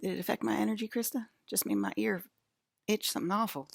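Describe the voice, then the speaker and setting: A woman's voice: medium pitch, lively intonation, fast, gravelly, husky. A woman vlogging in a rambling casual monologue, talking straight to her viewers and repeating her points with emphasis. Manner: emphatic, repeats herself, addresses viewers directly.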